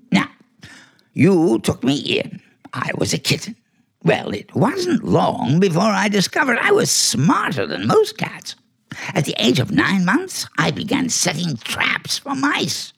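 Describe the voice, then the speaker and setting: A man's voice: high-pitched, huge pitch swings, slow, gravelly, a bit bright, slightly rough, exaggerated voice. An actor playing a clever, bossy talking male house cat in a 1940s radio play, smug and theatrical. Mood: scheming.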